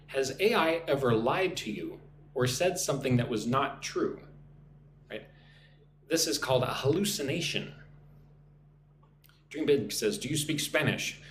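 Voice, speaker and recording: A man's voice: medium pitch, roomy sound, a little hiss or hum. A man teaching English vocabulary on a live stream, reading out viewer comments and drilling pronunciation, often tagging "right?". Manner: reads viewer comments aloud and greets them. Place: room in Vietnam.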